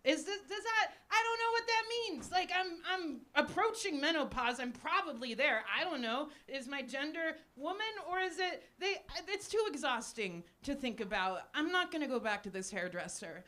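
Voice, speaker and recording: A woman in her forties doing a live stand-up set with crowd work, deadpan and self-deprecating, with lots of ums and little laughs. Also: high voice, normal speed, hardly any pauses. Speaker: stand-up comedian. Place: small cafe stage with live audience. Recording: noisy live cafe recording.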